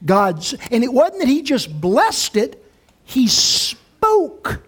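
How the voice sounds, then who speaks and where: A man talks through a Bible lesson at an unhurried, slow pace. His voice is husky and a little breathy, and he stresses key words with deliberate emphasis. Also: very high voice, big pitch swings. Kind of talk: conversational Bible teaching.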